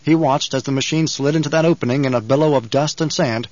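A man reading a story aloud as audiobook narrator, with measured, even delivery. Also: medium pitch, no room sound, lo-fi sound. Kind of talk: scripted narration.

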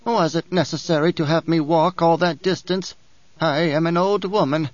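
A man voicing a shrewd, proud old woman, a Reverend Mother, speaking slowly and cuttingly in a higher voice. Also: steady tone, no room sound, lo-fi sound, lightly acted. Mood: haughty. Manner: slow, haughty, cutting.

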